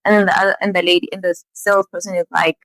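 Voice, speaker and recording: A young woman in a casual, animated show recap, full of "like". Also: lowish voice, racing, no room sound, low-quality recording. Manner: animated storytelling, lots of "like". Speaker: vlogger.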